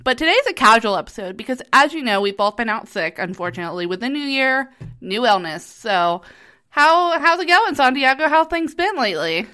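Woman cohost, joking around, pitch all over the place, voice still kinda rough. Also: sing-song, fairly quick, pushed and bright. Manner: playful, jokey and talkative. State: voice still a bit rough after losing it. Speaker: podcast co-host. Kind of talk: casual chat.

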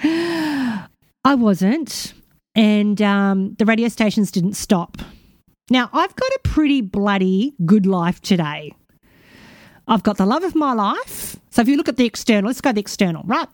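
A woman's voice: medium pitch, expressive, moderate pace, a little mellow, no echo, studio quality. A middle-aged woman hosting a podcast, talking frankly in a casual motivational monologue, swearing freely and repeating words for emphasis. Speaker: podcast host.

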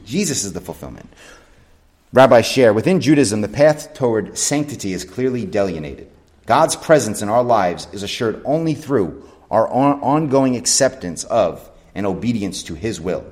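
Guy pastor preaching in church, lowish voice, earnest, slows way down to hit key words. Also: sing-song, darkish tone. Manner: earnest preaching with slow emphatic stresses and self-corrections. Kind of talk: sermon. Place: church sanctuary.

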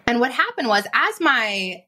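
A woman on a podcast interview recounts her journey in an animated, flowing way. Her voice is bright and forward, and she keeps slipping into quoted dialogue of her own thoughts. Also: on the high side, unhurried. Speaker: podcast guest, business coach. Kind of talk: conversational interview storytelling.

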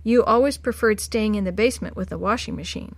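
A woman voicing an ill, tired mother who speaks softly and reassuringly in a storybook reading. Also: medium pitch, fast talker, dry recording, lightly acted. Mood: gentle. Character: sick tired mother, gentle.

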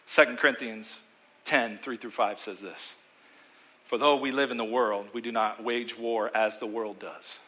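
A man's voice: medium pitch, moderate pace. A man preaching a sermon in a church auditorium. He preaches with sarcasm, acts out voices of other people and calls on the congregation to answer back. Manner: sarcastic, animated preaching with mock voices and call-and-response. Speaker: pastor.

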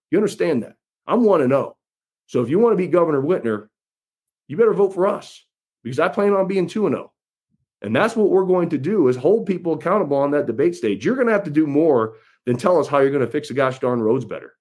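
A man's voice: fairly high pitch, a little mellow, husky. A man running for office, speaking to his followers in a folksy, emphatic way and repeating phrases for effect. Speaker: political candidate. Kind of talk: campaign address to followers.

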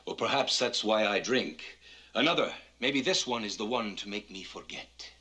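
A man's voice: fairly low pitch, lively intonation, normal speed, pushed and bright. An actor playing a wry man who teases a woman while running her play lines with her, dry and sardonic. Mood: mock-dramatic.

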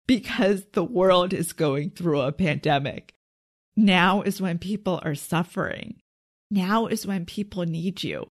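Middle-aged woman life coach on her podcast, earnest and encouraging, talking right to you. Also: medium pitch. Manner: earnest and encouraging, speaks directly to listeners. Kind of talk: solo podcast talk.

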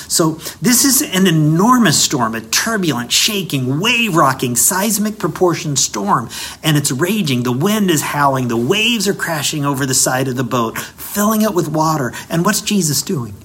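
A middle-aged man, a pastor, giving a radio devotional sermon, telling the story with dramatic slowdowns for emphasis. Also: a little high, fairly bright tone, breathy edge.

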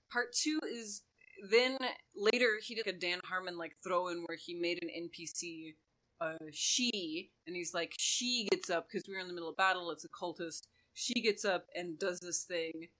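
Bright-voiced woman telling a story. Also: medium pitch, poor audio. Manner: animated storytelling, fond of mock quotes. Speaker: podcast co-host. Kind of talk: casual podcast chat.

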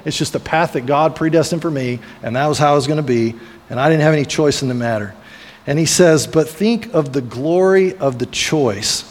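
A man's voice: fairly high pitch, moderate pace. A man preaching a sermon as pastor, retelling a biblical story in a storytelling way and briefly acting out the voices of the people in it. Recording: long reverb of a large hall.

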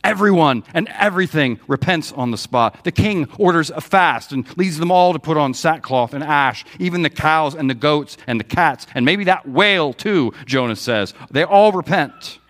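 A man's voice: on the high side, animated, moderate pace, few pauses, a bit bright. Male pastor, sermon delivery, storytelling preacher who acts out the quotes. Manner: storytelling preacher, quoting dialogue with feeling. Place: church sanctuary.

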